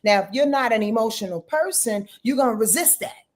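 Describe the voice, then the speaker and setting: A woman guest on a podcast, explaining her topic in a casual, animated way with plenty of fillers. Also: a little high, fairly quick. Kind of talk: casual interview talk.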